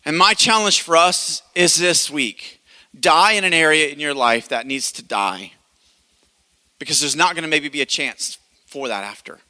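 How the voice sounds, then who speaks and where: A pastor in his thirties preaches to his congregation, telling a story in an animated way and slipping into the voices of the people in it. His voice is very bright and a little high. The sound rings with the long reverb of a church hall. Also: moderate pace. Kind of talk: sermon with personal story.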